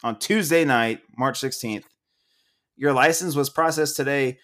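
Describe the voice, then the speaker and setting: A man co-hosting a casual podcast, ranting loudly and angrily with lots of swearing and laughter. He is a little drunk. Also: mid-range voice, a little slow. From Oklahoma, USA. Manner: loud, profane, ranting, laughing. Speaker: podcast co-host.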